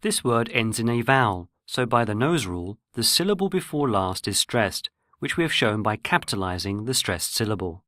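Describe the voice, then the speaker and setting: A man giving scripted, measured narration for a pronunciation lesson. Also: on the low side, big pitch swings, pushed and bright, no echo, studio quality. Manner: measured, explanatory. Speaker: language course narrator.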